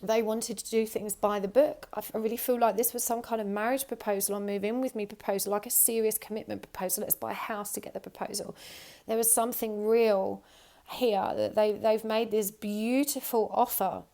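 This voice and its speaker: A woman with a sore throat and an odd high-pitched twang, giving a pick-a-card tarot reading and often saying what she feels. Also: fairly even intonation, a little fast, warm tone. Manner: intuitive, repeats "I feel like". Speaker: tarot reader.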